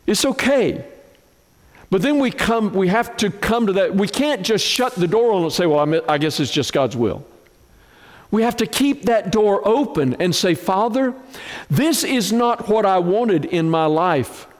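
A man preaching a sermon as pastor, slow and emphatic, with dramatic swings in pitch. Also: lively intonation, in a large hall.

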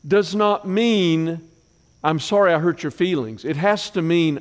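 A man preaching a sermon, mixing scripture with folksy personal stories and dropping his voice low for asides. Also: takes it slowly, long pauses, in a large hall. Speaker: pastor.

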